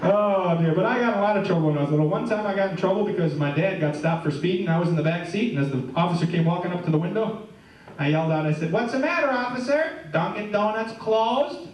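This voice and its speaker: A man's voice: fairly high pitch, very fast, a little mellow, slight background noise. A middle-aged man doing stand-up comedy, telling jokes in a chatty way and asking the crowd questions, live on stage. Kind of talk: stand-up routine with audience banter. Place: live stage before an audience. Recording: echoey room, heard from far off.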